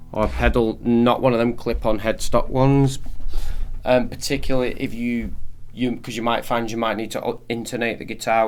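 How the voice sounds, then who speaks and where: A man giving a casual, step-by-step guitar setup tutorial, often restarting his sentences. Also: medium pitch. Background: guitar playing.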